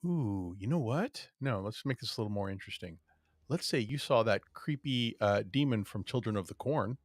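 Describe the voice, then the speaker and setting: Animated, joking male podcast host. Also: fairly low pitch, moderate pace, no echo, clean studio sound. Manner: animated, jokey, laughs often, rambling with fillers. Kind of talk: casual podcast chat.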